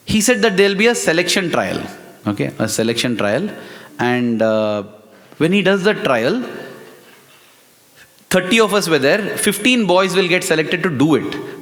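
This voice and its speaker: A man's voice: sits high, moderate pace, long pauses. A man, a guest speaker at a spiritual retreat, telling a self-mocking story and acting out what people said. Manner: animated, self-mocking, acts out quoted voices. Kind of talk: humorous storytelling talk. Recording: hall reverb.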